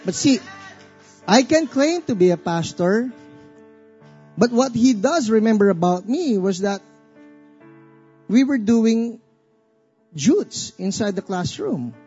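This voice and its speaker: A Filipino-accented pastor delivers a storytelling sermon in a raised, rather high voice, acting out the lines of the people in his story. His tone is dark and mellow with a slightly husky edge. The recording is a bit muffled, with faint music underneath. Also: slow pace, long pauses. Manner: animated storyteller who acts out other people's lines.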